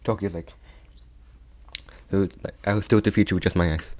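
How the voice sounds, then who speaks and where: Halting young man retelling a fan story. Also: low voice, steady tone, darkish tone. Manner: halting, many restarts and repeats.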